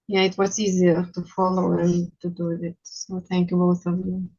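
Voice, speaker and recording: A woman with a very flat, mellow, low voice addresses her training group slowly and haltingly. She comes through a dull, lo-fi call connection. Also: breathy edge. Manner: halting, slow and sincere. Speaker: course participant. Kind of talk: thanking peers in a group session.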